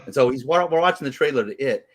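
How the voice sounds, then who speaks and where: A man with a lively, swooping voice tells a story about his son. He rambles and keeps checking in with "right?". His pitch rises and falls a lot as he acts out the scene. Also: fast talker. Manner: rambling, animated, tags lines with "right?". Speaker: podcast co-host. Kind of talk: casual chat, storytelling.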